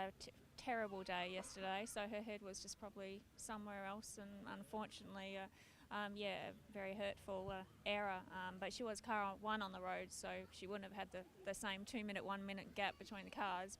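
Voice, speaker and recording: A woman with an Australian accent, a rally co-driver answering interview questions frankly, pausing with fillers. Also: mid-range voice, flat delivery, a bit bright, slight background noise. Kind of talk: casual interview.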